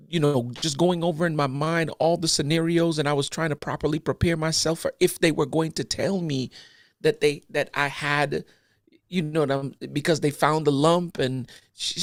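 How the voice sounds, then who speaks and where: A man's voice: a little high, steady tone, moderate pace, no room sound, studio quality. A man co-hosting a podcast, telling a personal story in casual chat with easy slang and an earnest tone. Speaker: podcast co-host.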